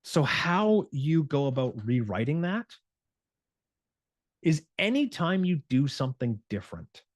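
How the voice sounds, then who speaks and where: A man speaking as a fitness coach in an animated motivational talk, mid-pitched and recorded dry and close. He slips into his clients' inner voices and stumbles through quick restarts. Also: no room sound. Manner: frequent restarts and "like" fillers.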